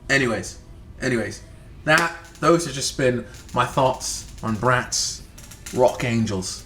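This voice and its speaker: A man's voice: medium pitch, lively intonation, takes it slowly, bright, forceful tone. A man from the United States talking through a casual game review vlog, rambling, profane and full of restarts. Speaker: video creator.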